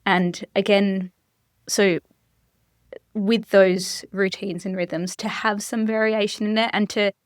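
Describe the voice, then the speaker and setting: A woman's voice: mid-range voice, flat delivery, slow pace, no echo, clean studio sound. A woman co-hosting a parenting podcast, thinking aloud in a reflective way. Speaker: podcast co-host. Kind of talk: podcast conversation. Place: podcast studio room.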